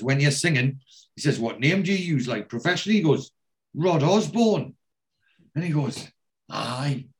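A man hosting a casual podcast, retelling a TV episode scene by scene and quoting the characters' lines, with a steady "he says" between quotes. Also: mid-range voice. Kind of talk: casual chat recapping a TV episode.

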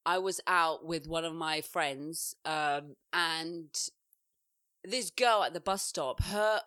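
A young woman co-hosting a podcast, telling animated stories and acting out what people said in casual chat. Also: low voice, slow, clear, resonant tone, no room sound, studio quality. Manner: animated storyteller, acts out quotes loudly. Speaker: podcast co-host.

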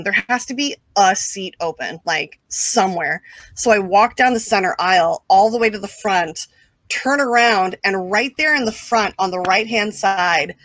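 A woman of mid pitch spins a casual anecdote as an interview guest, animated and peppered with filler words and quick asides. The recording is dry and close, with no room sound around her. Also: no echo. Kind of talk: casual storytelling.

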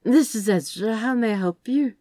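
A woman's voice: fairly high pitch, moderate pace, warm tone, no room sound, clean studio sound, voice pushed up, lightly acted. A woman reading as a flustered prim angel man. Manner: polite, fussy, flustered.

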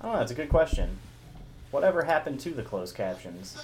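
A man's voice: medium pitch, sing-song, moderate pace, darkish tone, a little hiss or hum. A man co-hosting a podcast, chatting casually and crudely, swearing a lot and laughing often. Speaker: podcast co-host. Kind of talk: casual profane chat watching TV.

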